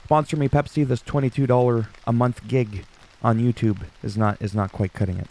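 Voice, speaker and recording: A man's voice: medium pitch, steady tone, fairly quick, warm tone. Man, forties, casual wrestling news vlog, self-mocking jokes, rambling asides, mid-range voice. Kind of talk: casual solo commentary.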